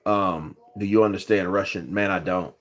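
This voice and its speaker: A man with a somewhat low voice chats his way through a boxing livestream as host. He rambles loosely, leans on fillers and keeps greeting chat viewers by name. He is fighting off a cold. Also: fairly even intonation, normal speed. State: has a cold. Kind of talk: casual livestream commentary.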